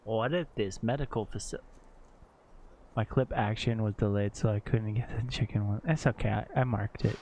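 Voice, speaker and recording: A male streamer giving excitable live commentary on a game, swearing and laughing often. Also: on the low side, moderate pace, slight background noise.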